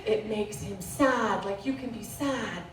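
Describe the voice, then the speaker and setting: A woman in her thirties doing stand-up comedy, telling a story on stage with lively, animated delivery. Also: a little slow. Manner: animated storytelling with wild pitch jumps. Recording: roomy live venue, distant, faint hiss.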